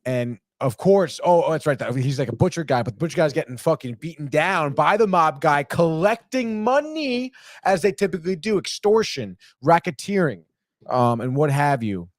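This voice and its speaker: A man's voice: fairly high pitch, animated, normal speed, no room sound, studio quality. A man hosting a podcast, recapping a TV episode in a rambling, profane, casual way and saying "dude" a lot. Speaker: podcast host.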